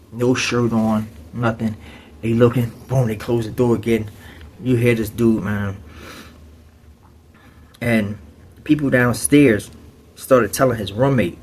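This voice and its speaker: A man's voice: fairly low pitch, a little hiss or hum. A man telling a story in casual, streetwise slang, with frequent conversational asides.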